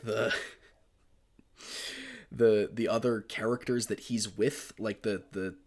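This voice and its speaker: A man's voice: lowish voice, a bit bright. Gushing, rambling man reviewing a film. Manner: gushing, rambling, swears freely. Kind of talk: casual film review monologue.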